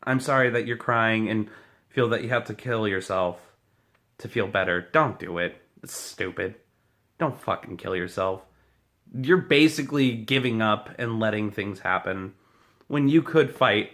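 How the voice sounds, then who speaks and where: A man vents straight into the camera in an angry, swearing rant, pushing hard against his critics. His voice is bright and forceful, with a tense edge that never relaxes. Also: mid-range voice, animated, normal speed. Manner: profane, heated, combative. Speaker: vlogger.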